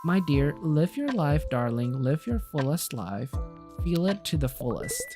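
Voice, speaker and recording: Woman doing a soft-spoken motherly mentor, low gentle voice, faint game music behind. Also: very animated. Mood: tender. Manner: soft, tender, slow reassuring lines.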